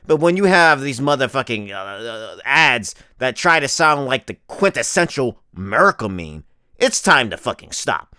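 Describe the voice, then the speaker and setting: A man's voice: mid-range voice, very animated, normal speed, pushed and bright, clean tone, dry recording, clean studio sound. A young man in his twenties doing a crude, exasperated comedic rant as a vlogger.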